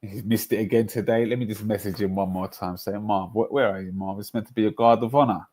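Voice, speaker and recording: A man's voice: lowish voice, fairly even intonation, fast, a little mellow. A man hosting a casual football livestream, chatty and rambling, often laughing at his own stories. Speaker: livestream host.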